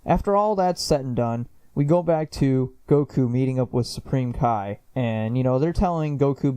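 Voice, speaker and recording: A man's voice: mid-range voice, normal speed, few pauses, warm tone, clean tone, dry recording. A man reviewing an anime episode in a chatty, casual way, with lots of fillers, swearing and laughs.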